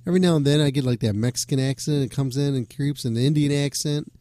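Dude rambling on a rock radio show, mellow voice, jokey and cussing, dry sound. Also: male voice, medium pitch, fast, no echo. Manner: loose, swearing, joking asides. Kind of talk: casual rambling radio talk.

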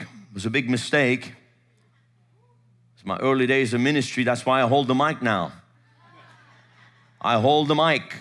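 A male pastor telling a story from the pulpit, acting out the dialogue in an animated way. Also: medium pitch. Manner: animated, acts out quoted dialogue. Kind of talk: sermon storytelling.

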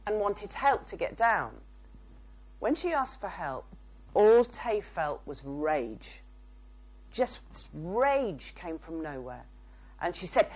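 A woman's voice: fairly low pitch, sing-song, slow, a little mellow, breathy edge, poor audio. A woman, a psychotherapist and author, telling case stories as a guest. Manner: storytelling with quoted dialogue.

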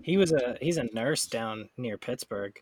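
A man's voice: mid-range voice, lively intonation, moderate pace, crowd noise. A man co-hosting a casual podcast, rambling and joking, often laughing and swearing, with a somewhat nasal voice. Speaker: podcast co-host. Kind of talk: casual chat.

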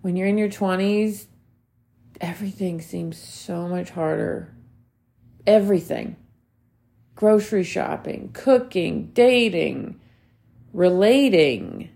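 A woman in her thirties, hosting a solo motivational podcast, speaks to listeners in a heartfelt, emphatic way, repeating her key points for weight and using casual swear words. Her lowish voice is expressive and warm, with vocal fry, and she takes it slowly with long pauses.

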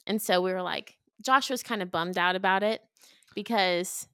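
A woman's voice: lowish voice, moderate pace, fairly bright tone, smooth, no echo. Chatty woman podcast co-host, dry sound. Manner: chatty, emotional, lots of "like". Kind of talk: casual chat.

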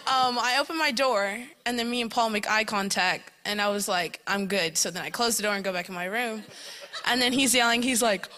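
Bright-voiced young woman, chatty testimony. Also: fairly high pitch, fairly quick. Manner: chatty, filler-heavy with frequent "like" and "um", laughing often. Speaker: camp attendee giving a testimony. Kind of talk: casual spoken testimony.

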